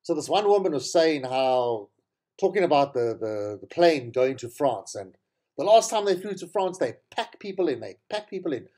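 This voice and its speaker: A middle-aged man rambles through a casual solo monologue, correcting himself as he goes. His pitch swings animatedly from phrase to phrase, and his tone stays warm and mellow. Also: big pitch swings, normal speed. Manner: chatty and rambling, with frequent self-corrections. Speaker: show host.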